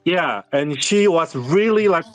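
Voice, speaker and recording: A man in his fifties whose first language is Mandarin, a series director telling personal stories in halting English with many restarts. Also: a little high, expressive, soft background music. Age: 50s. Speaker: series director, interview guest. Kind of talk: candid interview storytelling.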